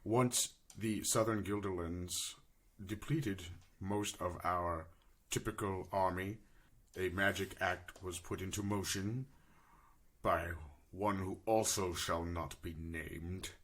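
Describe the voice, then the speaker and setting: A man telling his character's sad backstory slowly and gravely during a tabletop role-play. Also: deep voice, fairly even intonation, a bit bright. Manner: slow, grave storytelling in character, breaking into laughter. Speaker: player voicing his character.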